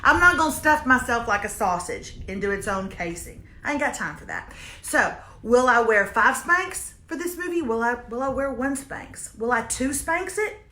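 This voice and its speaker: A woman chats to her viewers in a bright, somewhat high voice, reviewing shows and reading their comments aloud. She repeats her lines for comic emphasis. Her voice rings around a reverberant room. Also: animated, moderate pace. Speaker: host reviewing streaming shows. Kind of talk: casual livestream chat, reading viewer comments. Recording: echoey room.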